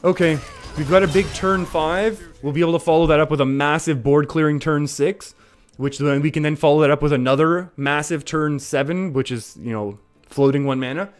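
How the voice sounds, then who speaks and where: A man's voice: on the high side, brisk. A man live-streaming a card game, talking through his plays in a chatty way and often laughing.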